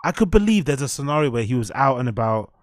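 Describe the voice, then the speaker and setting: A young man with a British accent hosts a casual stream, talking back to his chat with sarcastic, swearing rhetorical questions. His voice sits at a middle pitch and the sound is close and dry. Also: big pitch swings, fast talker, no room sound. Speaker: host. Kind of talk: casual chat reacting to clips.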